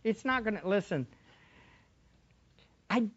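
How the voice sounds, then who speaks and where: A middle-aged man preaching a sermon, shifting from quiet asides to fervent shouting. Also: high voice, animated, takes it slowly, husky, lo-fi sound. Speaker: pastor.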